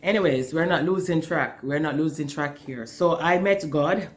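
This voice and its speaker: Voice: medium pitch, normal speed. An earnest, emotional speaker telling a personal spiritual testimony, often repeating words while searching for the next one. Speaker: spiritual storyteller.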